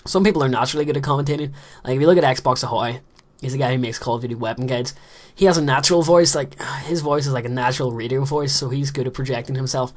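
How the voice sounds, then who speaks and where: A man's voice: mid-range voice, fast. A man in his late teens gives rambling, self-deprecating commentary while playing a game, recorded in a small closet room. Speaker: gaming commentator. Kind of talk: casual gameplay commentary.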